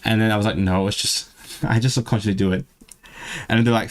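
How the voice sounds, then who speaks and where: A man's voice: lowish voice, fairly quick. A young man chatting casually on a livestream, talking things over as he goes, often restarting words and reading lesson text aloud. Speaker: streamer studying a language.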